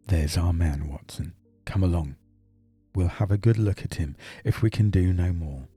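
A man doing a brilliant detective with a very low, dark voice and a slightly husky edge. He is brisk and dry, explaining in crisp, measured phrases. Soft music plays faintly behind him. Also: no room sound. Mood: eager. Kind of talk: audiobook character reading.

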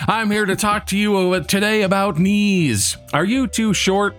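A smarmy quack doctor, as a man puts him on, sells his product in a raised, drawn-out infomercial voice. He leans on every word like a late-night ad. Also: fairly bright tone, faint music behind. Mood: pitching. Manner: salesman pitch, slow and emphatic. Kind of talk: comedy infomercial bit.

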